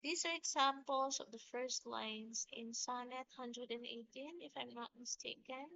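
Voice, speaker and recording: A woman teacher giving a recorded lecture on poetry, explaining slowly and deliberately with small restarts. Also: a little high, fairly even intonation, gravelly, bright, forceful tone, no echo, dull audio.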